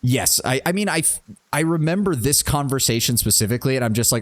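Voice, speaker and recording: A man's voice: medium pitch, lively intonation, quick pace. A man streaming a role-playing game who chats casually, rambles, laughs, and reads the on-screen text aloud. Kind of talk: casual gameplay commentary and reading game text.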